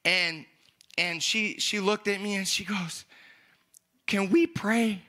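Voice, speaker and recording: A young male pastor telling a story in a sermon, acting out dialogue with loud, animated outbursts. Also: sits high, slow pace.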